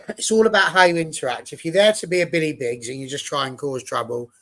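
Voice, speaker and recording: A man's voice: a little high, fast, a bit bright. A man from England hosting a casual football chat show and telling a long story. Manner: storytelling, chatty. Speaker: show host.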